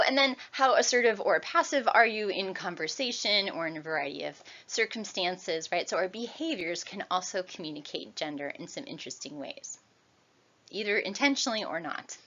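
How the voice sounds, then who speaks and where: A woman's voice: medium pitch, animated, moderate pace, fairly bright tone. Woman in her 40s lecturing, casual and chatty, keeps saying right?, kinda dull lo-fi audio. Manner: conversational, tags sentences with "right?". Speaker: university lecturer. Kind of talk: recorded classroom lecture.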